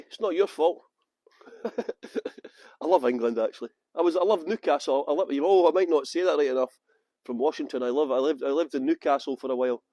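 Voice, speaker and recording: A man's voice: a little high, dark tone, no echo. A man chatting through a live-streamed walking tour outdoors, joking and greeting viewers by name. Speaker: tour guide. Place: outdoors at a historic cottage.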